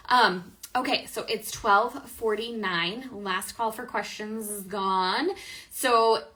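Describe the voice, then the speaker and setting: Slow and sharp-toned, a woman's mid-range voice leads an affiliate marketing live stream. She works through viewer questions in an upbeat, talkative way, often using fillers and correcting herself.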